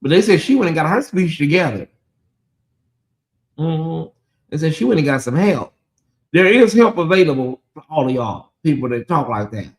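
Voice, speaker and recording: A man's voice: fairly high pitch, big pitch swings, normal speed, long pauses, darkish tone. A man with a Southern US accent hosting a casual livestream, talking straight to his viewers and reading out and answering their chat. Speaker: livestream host.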